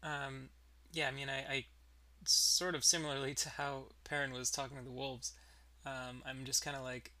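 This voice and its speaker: A man's voice: medium pitch, flat delivery, moderate pace, sharp tone. A man playing a tabletop game, talking hesitantly with many fillers and restarts. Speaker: player. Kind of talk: casual tabletop game play.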